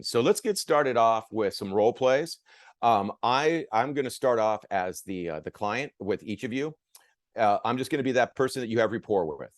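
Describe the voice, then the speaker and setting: A man's voice: mid-range voice, moderate pace, no room sound, clean studio sound. A man leading a sales training, talking energetically to his group and checking in with them. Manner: energetic, addresses group with "guys" and "okay". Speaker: sales coach. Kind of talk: training talk with role-play.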